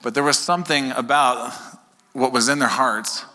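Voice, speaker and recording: A man's voice: mid-range voice, normal speed. A male pastor preaching a sermon to his congregation in a conversational way, often checking in with "okay?" and joking with the crowd. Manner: conversational, keeps asking "okay?"; animated, jokes with congregation. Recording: long hall reverb.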